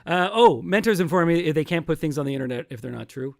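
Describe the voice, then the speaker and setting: Man, high voice, casual livestream chat, rambling, self-mocking. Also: animated, quick pace, gravelly. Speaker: singer-songwriter livestream host. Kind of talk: casual chat between songs.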